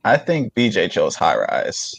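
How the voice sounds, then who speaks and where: Gravelly, raspy man on a dull line. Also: on the low side, wildly swooping pitch, unhurried. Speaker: regular player. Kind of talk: casual game-show banter.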